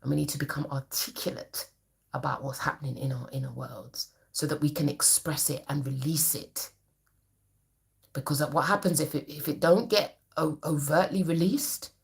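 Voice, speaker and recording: Lady therapist preaching to camera, low gravelly voice, emphatic and slangy. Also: normal speed. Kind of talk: motivational talk to camera.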